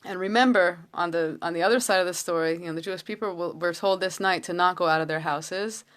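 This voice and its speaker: A woman with a fairly low voice gives an informal Torah talk from home. She tells the story earnestly, pausing and restarting her phrases as she goes. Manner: earnest, halting, many restarts. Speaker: Torah teacher.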